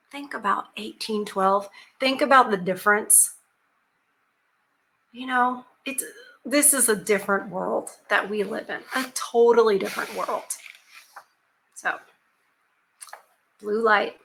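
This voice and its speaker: A woman hosts her channel with casual commentary, reading a fairy tale aloud and breaking off for frequent asides and emphatic rhetorical questions. Her mid-range voice is creaky, pushed, and bright, delivered slowly with long pauses.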